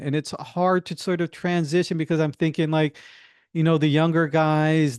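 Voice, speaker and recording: A middle-aged man hosting his own podcast, talking in a casual, halting way with many restarts and fillers. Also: fairly high pitch, a little mellow, clean tone, dry recording, studio quality. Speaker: podcast host. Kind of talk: casual solo monologue.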